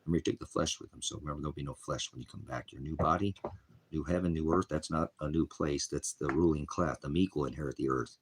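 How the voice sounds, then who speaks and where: A man giving a rambling, informal sermon as a preacher, combative and profane, often clearing his throat. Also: rumbling low, fast talker, a little hiss or hum. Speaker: street preacher.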